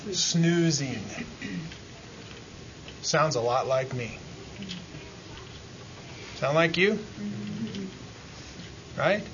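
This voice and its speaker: A man preaching a sermon as pastor, dropping to quiet asides and then climbing into loud, rising pleas, often calling out "Amen?" to the congregation. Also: a little high, dull audio, slight background noise.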